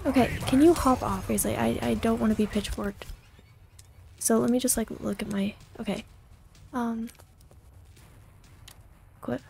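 A woman's voice: fairly high pitch, fairly even intonation, a little slow, vocal fry, long pauses, dark tone, slight background noise. A young woman giving casual let's play commentary in jittery, joking self-talk full of exclamations. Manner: jokey and self-deprecating. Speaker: gamer.

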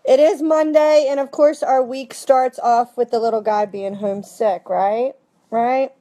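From home, with family nearby, a direct sales team director in her thirties shares tips with her team. Her high voice is upbeat, mellow and steady in tone, and she keeps things chatty and casual, dropping quick "okay?" and "right?" check-ins after her points.

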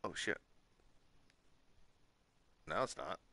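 A man's voice: extremely slow, sharp tone. A man chatting casually while live-streaming a fishing game, joking and laughing often. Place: home room.

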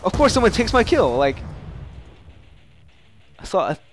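A young man casually commenting while playing a shooter game, excitable and prone to loud yelps and mock-dramatic taunts. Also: sits high, a little slow, soft background music. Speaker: gaming channel host. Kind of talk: live gameplay commentary.

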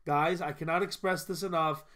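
A man's voice: a little high, steady tone, a little fast, sharp tone. A young man hosting a casual trading-card opening video, upbeat and chatty as he calls out each card. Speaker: card-opening channel host. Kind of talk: casual pack-opening commentary.

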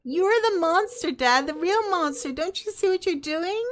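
A woman's voice: high-pitched, expressive, a little fast, a little hiss or hum. A woman voicing a fiery teenage girl who accuses her father in exasperated outbursts. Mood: accusing. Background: game soundtrack music.

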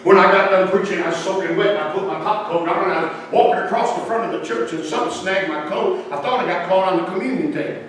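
A man preaching in a big church, his bright, forceful voice ringing out with long reverb from a distant mic. He tells his story folksy and loud, then drops to a hush, over a faint hiss. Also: sits high, quick pace, few pauses. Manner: folksy storyteller, dropping to soft quotes and rising to loud pleas. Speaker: revival preacher. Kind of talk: storytelling sermon. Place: church sanctuary.

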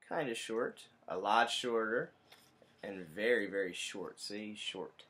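A male teacher reading a picture book aloud to children, animated, explaining and pointing out the pictures. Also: fairly low pitch, slow pace.

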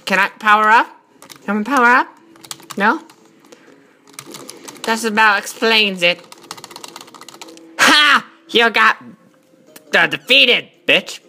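A woman giving excitable, profane let's-play commentary, yelling at enemies and bantering in character as a god persona. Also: on the high side, slow pace, long pauses. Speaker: gaming channel host.

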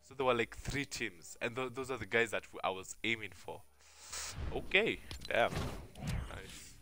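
A young man giving live commentary on a game he is playing, excitable, swearing and yelling at the action. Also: on the low side, a little slow, clear, resonant tone, no room sound. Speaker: streamer.

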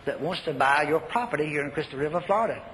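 A man's voice: a little high, expressive, quick pace. Folksy old preacher guy, repeats himself a lot, bit of faint hiss. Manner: folksy storytelling, shouts commands, repeats phrases. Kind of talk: sermon. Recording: echoey hall, faint noise.

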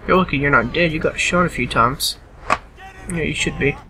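A man's voice: a little high, normal speed, background noise. A tired, yawning man giving casual gameplay commentary and chattily bossing game characters around.

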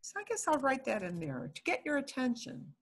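A woman's voice: high voice, big pitch swings, fairly quick. A woman teaching a beginners' Spanish class, patiently explaining and repeating words. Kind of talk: online language class.

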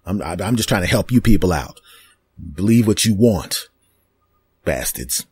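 A man with a low, husky voice hosting a podcast, spinning an animated, rambling comic story full of digressions and deadpan asides. The sound is dry and close, with no room around it. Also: a little slow, no room sound. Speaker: podcast host. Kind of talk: comedic storytelling monologue.

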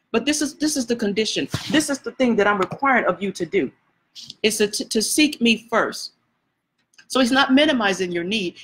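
A woman's voice: mid-range voice, a bit bright. A woman preaching a sermon in a conversational style, repeating phrases and talking directly to her listeners. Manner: conversational preaching with repetitions and asides to the congregation. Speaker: prophetess preaching.

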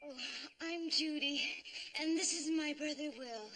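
A young actress playing a polite, earnest explorer who speaks in a breathy, eager way. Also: female voice, high-pitched, measured pace, a bit bright, a little hiss or hum.

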